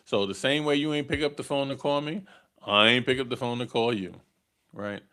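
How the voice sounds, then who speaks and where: A man's voice: medium pitch, fairly quick, pushed and bright, smooth. A middle-aged man, hosting a live dating podcast in a casual storytelling way and tagging his lines with "right?". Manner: conversational, tags lines with "right?", chuckles at own stories. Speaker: podcast host.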